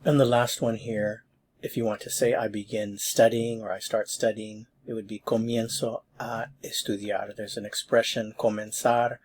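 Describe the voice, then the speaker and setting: Low husky male Spanish teacher. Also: flat delivery, moderate pace, a little mellow. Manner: patient, encouraging explanations. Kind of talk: online grammar lesson.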